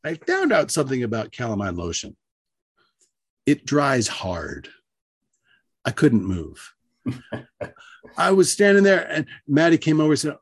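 A man telling a personal story aloud on the radio, animated, acting out the voices of the people in it. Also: unhurried, pauses often, slightly rough, no room sound, clean studio sound. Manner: animated, acts out voices with big pitch jumps.

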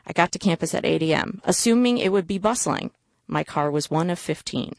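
A woman's voice: lowish voice, expressive, fairly quick, darkish tone, no room sound. A woman reading her own personal story aloud in a wry, self-mocking way.

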